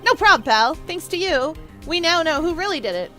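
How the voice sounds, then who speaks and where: A woman's voice: very high voice, expressive, normal speed, pushed and bright, soft background music, pitched above the performer's own voice, exaggerated voice. A woman voicing an eager male police detective in a hearty, boisterous manner.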